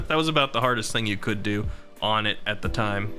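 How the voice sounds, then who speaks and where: A man's voice: lowish voice, fairly quick, pushed and bright, faint music behind. A man in his thirties chatting casually on a live stream, rambling and chuckling between thoughts.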